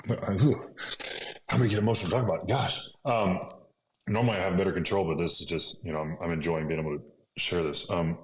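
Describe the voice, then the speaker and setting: A man's voice: deep voice, fairly even intonation, fast. A man in his thirties, a podcast guest, earnestly retelling a personal story and dropping into whispers for remembered thoughts. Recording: echoey room with faint noise.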